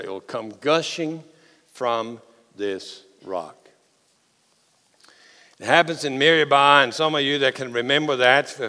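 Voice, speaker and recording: Pastor preaching in a hall. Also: male voice, medium pitch. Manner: animated storytelling, swings from loud to hushed. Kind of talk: sermon. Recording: long hall reverb.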